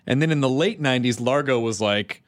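A man hosting a podcast, chatting casually and reacting with quick jokes. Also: medium pitch, no echo, studio quality. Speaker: podcast host. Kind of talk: casual interview chat.

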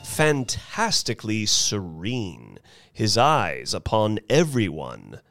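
Casting: slow, animated male storyteller, dry close mic. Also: on the low side, vocal fry, dry recording, faint music behind. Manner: expressive, with many character voices. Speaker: narrator. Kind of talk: audiobook story reading.

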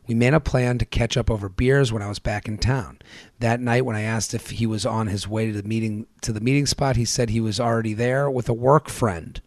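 Male comedy podcast host, gravelly, animated storyteller, dry sound. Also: fairly low pitch, fairly quick, no echo. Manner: animated storytelling, swearing, acting out quotes. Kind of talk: casual comedic chat.

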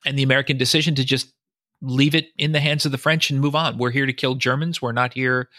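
A man's voice: mid-range voice, fairly even intonation, fast, pushed and bright, dry recording, studio quality. A man, a historian and author, giving long explanatory answers in a podcast interview, often quoting sources and thinking aloud.

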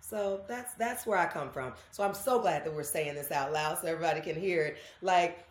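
A woman, a guest telling animated stories in an interview and acting out what people said. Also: lowish voice, brisk, few pauses. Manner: animated storytelling, acts out quotes. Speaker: guest, actress. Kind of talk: candid interview conversation. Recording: roomy echo.

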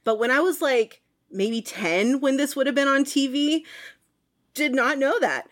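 A woman's voice: high-pitched, unhurried. A woman in her thirties co-hosting a casual movie podcast, telling a story in an emotional, rambling way and laughing often. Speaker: podcast co-host.

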